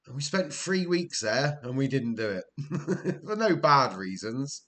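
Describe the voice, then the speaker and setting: His mid-range voice is sing-song, unhurried and fairly bright as this young Welsh gaming streamer talks casually during a live football management session. He tells stories, laughs readily, and answers his viewers.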